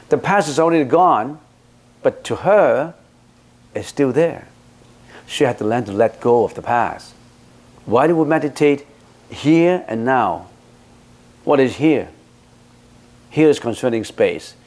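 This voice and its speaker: Male Buddhist teacher, mid-pitched voice, emphatic dharma talk full of rhetorical questions. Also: a little mellow.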